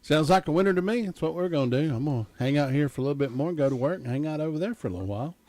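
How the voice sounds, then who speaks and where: A man's voice: on the high side, expressive, very fast, a little mellow. A man with a Southern US accent hosting a morning radio show, folksy and easygoing with a joking manner. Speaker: radio host. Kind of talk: casual morning radio chat.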